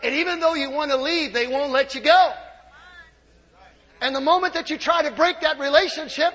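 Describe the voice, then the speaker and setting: A male pastor preaches in a sanctuary with a strikingly high, bright and forceful voice. He drops to near whispers, then bursts into shouts, and laughs through his own jokes. The sound rings out with a long hall reverb. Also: moderate pace. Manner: preaching with swings from hushed to shouting; humorous asides and laughter. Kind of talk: sermon. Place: church sanctuary.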